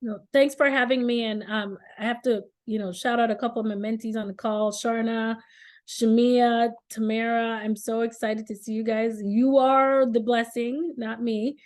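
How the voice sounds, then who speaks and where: A woman's voice: fairly high pitch, fairly even intonation, moderate pace. A middle-aged woman surgeon, a guest speaking earnestly on a virtual seminar over a video call, with frequent "um"s. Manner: earnest, many fillers.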